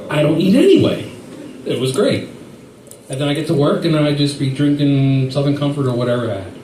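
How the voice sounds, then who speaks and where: A man doing a stand-up set, telling rambling stories in an animated way with silly voices. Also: on the high side, a little fast. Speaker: stand-up comedian. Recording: echoey room from far off with faint noise.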